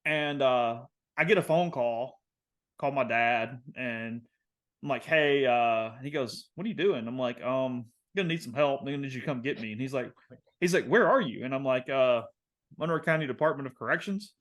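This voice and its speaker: A young man with a Southern American accent, casually telling a long story on a podcast, rambling with lots of fillers and getting animated. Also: medium pitch, moderate pace. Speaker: podcast co-host.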